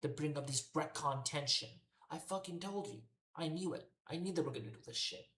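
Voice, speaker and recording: A woman's voice: low voice, fairly quick, a bit bright. Profane, ranting woman in an echoey room. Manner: profane, exasperated, repetitive ranting. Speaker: wrestling show reviewer. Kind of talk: heated ranting commentary.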